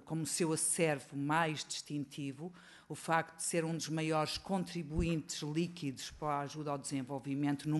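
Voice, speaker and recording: A politician, a man, giving a formal welcome speech with frequent hesitation fillers. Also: on the high side.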